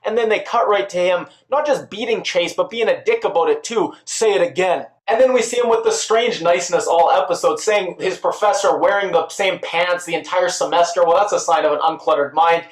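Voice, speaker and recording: Guy with a high-ish voice doing a tv episode recap, chatty, slips into little character voices, echoey room. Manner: chatty, quotes characters in quick put-on voices. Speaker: TV recap reviewer. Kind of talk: casual spoken review.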